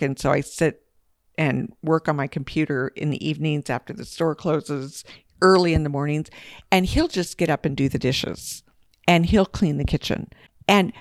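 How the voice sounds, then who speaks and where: A woman's voice: low-pitched, no room sound, studio quality. A woman co-hosting a podcast, talking in candid, emphatic casual conversation and laughing easily. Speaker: podcast co-host.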